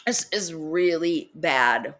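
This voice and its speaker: A woman's voice: low voice, lively intonation, slow pace, fairly bright tone. A woman reading posts aloud and picking apart their grammar in an exasperated, incredulous casual rant. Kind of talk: casual ranting commentary.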